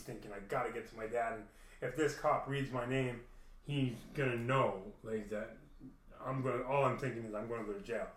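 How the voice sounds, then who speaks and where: A man telling a long profane story in a rambling, casual way, acting out the dialogue. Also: medium pitch. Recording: echoey room, mic at a distance.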